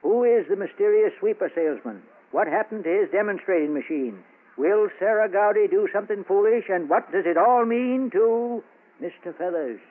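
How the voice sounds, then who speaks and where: An actor playing a nosy, rambling small-town druggist with a drawling, homespun way of talking, in 1940s radio comedy style. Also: male voice, high-pitched, expressive, moderate pace, noisy background. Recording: tinny old radio broadcast.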